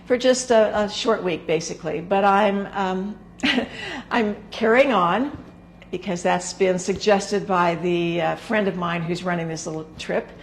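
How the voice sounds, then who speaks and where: Female sewing host, hoarse and gravelly today, chatty and rambling, mid-pitched. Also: slight background noise. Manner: chatty, rambling, with frequent filler words. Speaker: sewing instructor and show host. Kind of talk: casual talk to camera.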